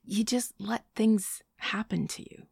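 A woman's voice: mid-range voice, unhurried, gravelly, a little mellow, slightly rough, no room sound, studio quality, voice pushed up, full character voice. Woman reading a blunt, evasive man. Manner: hesitant then frank, matter-of-fact.

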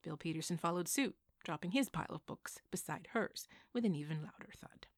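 A woman narrating a contemporary novel aloud in an even storytelling manner. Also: lowish voice, a little fast, dry recording, clean studio sound. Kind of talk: audiobook narration.

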